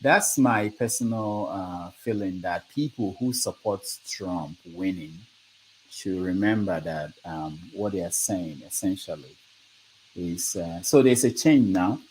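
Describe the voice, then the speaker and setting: A man's voice: low-pitched, measured pace, poor audio. A man hosting a casual live discussion who laughs often and reads out results as they come in. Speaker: host. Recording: faint background noise.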